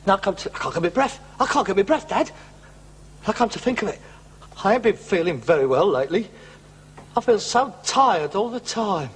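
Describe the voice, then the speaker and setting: An actor playing a middle-aged, melodramatic hypochondriac son, theatrical and self-pitying in a sitcom. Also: male voice, sits high, lively intonation, a little fast, a little hiss or hum. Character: melodramatic hypochondriac grown son, put-upon.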